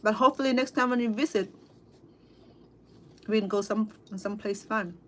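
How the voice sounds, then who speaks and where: A middle-aged woman with a Cambodian accent, chatting casually with livestream viewers over dinner at home, halting, full of fillers and restarts. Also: medium pitch, a little hiss or hum. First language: Khmer. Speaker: cooking vlogger and interpreter. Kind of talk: casual livestream chat while eating.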